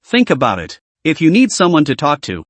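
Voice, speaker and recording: A man's voice: on the high side, huge pitch swings, brisk, no echo. A man reading the lines of a cocky young male office worker with a smug, teasing manner.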